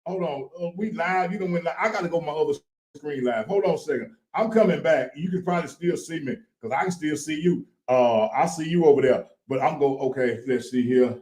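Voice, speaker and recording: A man's voice: fairly high pitch, a little fast, darkish tone. A man hosting a live-stream chat show, joking, repeating catchphrases and hyping up the audience.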